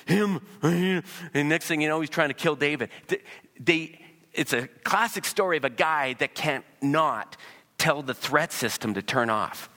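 A man preaching a sermon as pastor, animated and acting out voices in the dialogue he quotes. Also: a little high, measured pace.

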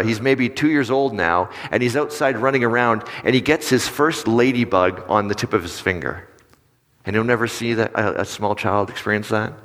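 A man preaching a sermon in a conversational way. He asks his listeners questions and turns animated when he acts out little stories. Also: lowish voice. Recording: long reverb of a large hall.

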